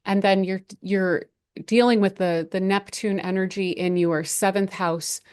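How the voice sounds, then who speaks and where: A woman hosting a horoscope channel, talking through the month's signs in a casual, rambling way with many restarts and gentle advice. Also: mid-range voice, fairly even intonation, a little slow, smooth. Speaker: astrology channel host.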